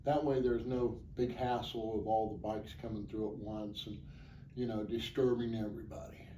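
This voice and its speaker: A man's voice: fairly low pitch, flat delivery, normal speed, dark tone, distant mic. A man answering interview questions as the organizer of a charity motorcycle ride, plainspoken, earnest and rambling. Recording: echoey, off-mic, faint background noise.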